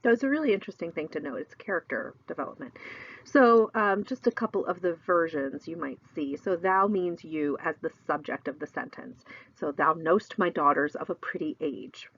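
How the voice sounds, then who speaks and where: Middle-aged lady teacher rambling through a lesson, lowish voice, kinda muffled dry recording. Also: expressive, brisk, slightly rough, no echo. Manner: chatty, explains with many fillers.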